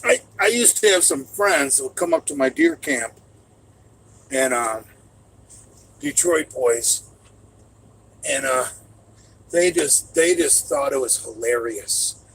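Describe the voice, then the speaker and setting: A middle-aged man, a trucker, in casual storytelling chat, loud and profane and given to sudden shouts, talking from inside his truck cab. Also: medium pitch, animated, takes it slowly, long pauses, slight background noise, poor audio. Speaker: streamer answering chat.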